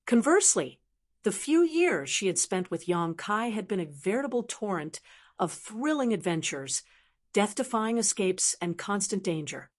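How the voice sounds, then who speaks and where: A woman narrating a fantasy audiobook in a steady, even-paced reading. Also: mid-range voice.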